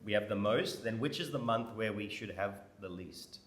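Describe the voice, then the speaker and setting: A man with a lowish voice leads a relaxed class, throwing questions at his listeners and ribbing them a little. He sounds like he's in a roomy, echoing hall, with a faint hiss under the sound. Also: normal speed. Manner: informal, asks the audience questions, teasing. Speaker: temple class speaker. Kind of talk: conversational scripture class. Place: temple hall with an audience. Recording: echoey hall with faint noise.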